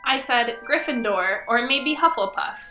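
Gushing woman podcast host, bright voice. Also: fairly high pitch, lively intonation, a little slow, faint music behind. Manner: gushing, enthusiastic fan. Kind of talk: casual chat, reading book quotes aloud.

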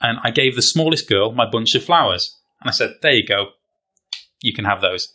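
A British man, a guest, telling a funny anecdote in a casual chat. He is an animated, self-deprecating storyteller who uses British slang. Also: mid-range voice, normal speed. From Britain. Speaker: guest, fencer.

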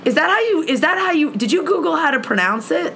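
A woman's voice: high-pitched, sing-song, fast, gravelly, a bit bright, a little hiss or hum. A woman co-hosting a casual podcast chat, playful and chatty, drawing out her asides. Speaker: podcast co-host.

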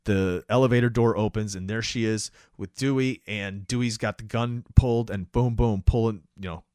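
A man co-hosting a casual talk show, retelling a film scene by scene with lots of fillers and quick acted-out lines. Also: fairly low pitch, dry recording. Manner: animated retelling, acts out lines, many fillers. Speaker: podcast co-host recapping a movie. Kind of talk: casual chat.

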